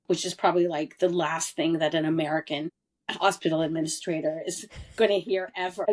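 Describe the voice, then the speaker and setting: A woman in her forties speaks in an earnest, candid way, pressing hard on the words that matter. Her voice sits a little low. She tells a personal story as a podcast guest. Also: fairly even intonation, moderate pace. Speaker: interview guest. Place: lived abroad in Europe.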